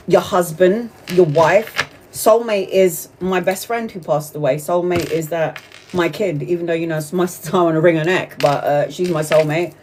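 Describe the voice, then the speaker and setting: A woman's voice: fairly low pitch, darkish tone. Woman, tarot reader on a casual live stream, talkative, swears and laughs freely, faint background noise.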